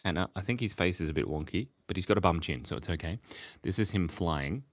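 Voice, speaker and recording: Fast-talking and expressive, this man has a deep voice, recorded dry. He's drowsy in the early morning, hosting a casual stream where he draws for chat, wandering off topic, giggling, and joking at his own expense.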